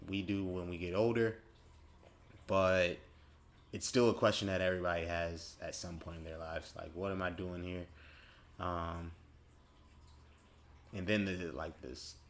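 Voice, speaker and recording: A man's voice: low voice, fairly bright tone, a little hiss or hum. A man in his late twenties hosting his own show, talking in a casual, reflective way that rambles and corrects itself as he thinks aloud. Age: late 20s. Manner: rambling, self-correcting, thoughtful. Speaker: podcast host.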